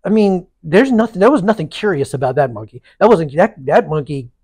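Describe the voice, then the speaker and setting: A man casually telling a long story on a podcast, animated and rambling with frequent restarts. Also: high-pitched, fairly quick, slightly rough, no room sound. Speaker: podcast co-host.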